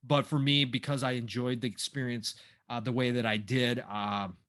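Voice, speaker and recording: A man in his forties co-hosting a gaming podcast, easygoing and quick to laugh. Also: mid-range voice, level tone. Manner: easygoing, laughs often, trails off softly. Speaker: podcast co-host. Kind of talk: casual gaming podcast chat.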